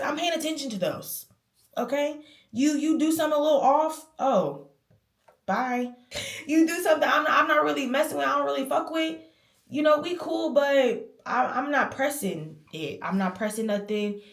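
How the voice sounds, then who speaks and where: A woman in her twenties talking candidly and emphatically to camera in a casual vlog. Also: high voice. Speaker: lifestyle vlogger. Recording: roomy echo.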